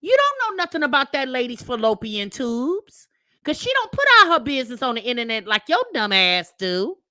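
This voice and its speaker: Sassy high-voiced woman roasting a clip. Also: very animated, normal speed, no room sound, studio quality. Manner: sassy, mocking, loud outbursts. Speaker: reaction video host. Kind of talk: commentary on a played clip.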